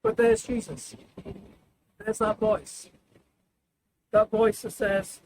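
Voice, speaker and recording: A man preaching a sermon in a high, lively voice that climbs and falls, acting out the people of the story. He takes his time, and his voice has a gravelly edge. The recording carries clear leftover noise from heavy filtering. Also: takes it slowly, long pauses, low-quality recording. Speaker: pastor. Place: church service, sound reduced. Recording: background noise, wind filtered out.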